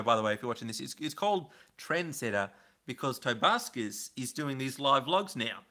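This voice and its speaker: Male streamer, casual rambling chat with viewers, very bright and forceful tone. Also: mid-range voice, lively intonation, normal speed. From Australia. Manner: rambling, chatty, answering chat comments. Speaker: livestream host.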